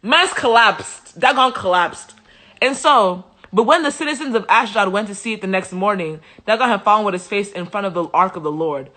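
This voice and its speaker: A woman hosting a live stream, joking her way through a Bible story. She talks in an animated, slangy way and swings between loud and soft. Her voice is bright. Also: mid-range voice, moderate pace. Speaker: host.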